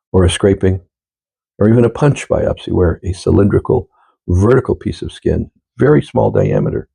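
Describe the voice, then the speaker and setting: A middle-aged male doctor explains things calmly and steadily, like a lesson to camera. His voice is low and gravelly, with a dark, mellow tone. It has a slightly husky edge. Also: low-quality recording. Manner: calm, measured explanation. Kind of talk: educational talk to camera.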